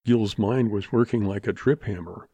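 Male audiobook narrator, low mellow voice, dry close recording, steady telling. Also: moderate pace, husky, no echo. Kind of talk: audiobook reading of a western.

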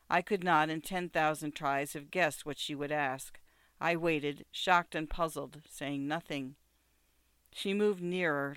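Smooth, measured audiobook narrator. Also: mid-range voice, fairly even intonation, a bit bright, no room sound. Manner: measured, reflective reading.

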